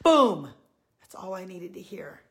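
This Christian encourager speaks to her women followers in a low, sing-song voice at a measured pace. Earnest and pleading, her heartfelt faith talk repeats important lines for emphasis.

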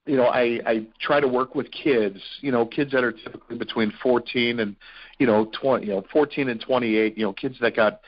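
An earnest man from Ohio talks through his stories on a podcast, circling back with lots of fillers and restarts. His voice sits at an ordinary middle pitch. The audio is a touch dull and lo-fi. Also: fairly even intonation, a little fast. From Ohio, USA. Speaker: podcast guest. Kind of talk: storytelling in a podcast interview.

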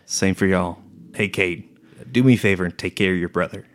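A man playing a tabletop game who speaks his character in a low-key, unhurried way. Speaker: player.

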